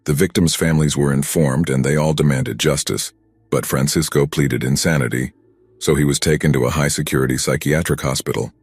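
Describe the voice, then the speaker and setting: A man narrating a first-person horror story in a steady, grim, scripted telling. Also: extremely low pitch, fairly quick, husky, no room sound.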